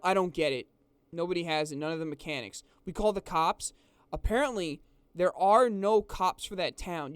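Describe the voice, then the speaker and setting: A young man with a rather high, smooth voice tells a rambling story to his viewers. He sounds exasperated and often trips and restarts his sentences. The sound is dry and close. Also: no room sound. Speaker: vlogger. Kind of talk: casual storytelling.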